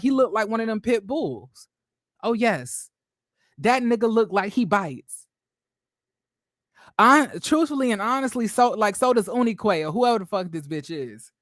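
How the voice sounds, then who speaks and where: A man hosting a gossip commentary channel, talking in a brash, profane, theatrical way with drawn-out exclamations. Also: high voice, fairly bright tone, dry recording, clean studio sound.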